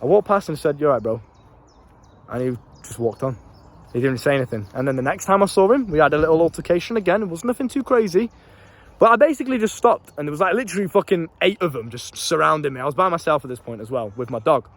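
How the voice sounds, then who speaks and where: This young British man's voice sits on the high side, animated and quick as he tells stories to camera in a casual way. A life coach, he swears freely, drops street slang, and comes across brash, laughing at his own tales.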